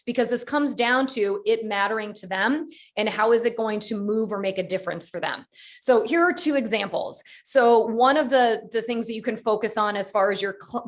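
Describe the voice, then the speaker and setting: A woman teaching a business-planning session, walking listeners through each step in an encouraging, conversational way. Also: medium pitch. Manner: encouraging, explains step by step with many "you know"s. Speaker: real estate business coach. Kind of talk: instructional webinar talk.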